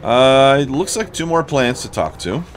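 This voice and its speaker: A man's voice: mid-range voice, expressive, moderate pace, slight background noise. A young man commenting casually on his gameplay, thinking aloud and swearing often. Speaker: let's play gamer.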